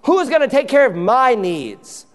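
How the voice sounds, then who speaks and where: A man's voice: very high voice, sing-song, moderate pace, in a large hall. A man preaching a sermon from a church pulpit, driving his points home and acting out the voices in the stories he tells. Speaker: pastor. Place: church sanctuary.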